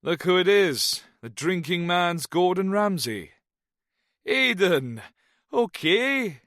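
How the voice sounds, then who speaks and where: Casting: a man playing a boozy fifty-something Welshman, high and lilting, in a dry booth. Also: big pitch swings, a bit bright, no echo, exaggerated voice. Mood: jovial. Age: 50s. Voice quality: lilting, slow after drinks. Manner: hearty, chatty.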